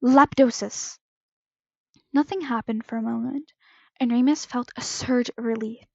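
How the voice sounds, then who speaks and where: A woman with a fairly high voice reads fan fiction aloud, stumbling over words and correcting herself as she goes. The recording is close and dry, from a home microphone with a slightly muffled, lo-fi tone. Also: fairly even intonation, moderate pace, vocal fry, darkish tone, no room sound. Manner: unpolished reading with stumbles and self-corrections. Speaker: podfic reader.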